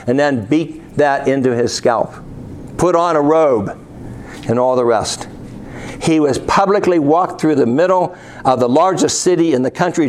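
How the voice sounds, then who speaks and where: A man preaching a sermon, reading scripture aloud and asking his listeners rhetorical questions. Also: on the high side.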